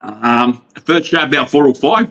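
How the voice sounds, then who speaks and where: A man's voice: medium pitch, normal speed, fairly bright tone. A brash, fired-up Australian man, a wrestling promoter guesting on a podcast, swearing freely and laughing often. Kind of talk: casual podcast interview. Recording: dull lo-fi sound.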